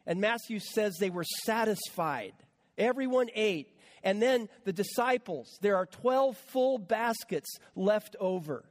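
A man's voice: sits high, expressive, unhurried, big-room sound. A man preaching a conversational sermon as a pastor, with repeated words and casual asides to the congregation.

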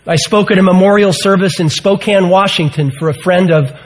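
Earnest man preaching, higher-pitched voice. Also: brisk, rough recording. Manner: earnest, emphatic preaching with rhetorical questions. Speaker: pastor. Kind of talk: sermon.

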